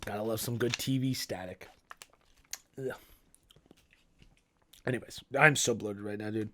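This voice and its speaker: A man's voice: on the low side, a little slow, sharp tone. Rambling, cursing young male podcaster. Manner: rambling, profane, restarts and searches for words. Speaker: podcast host. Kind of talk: casual solo podcast commentary.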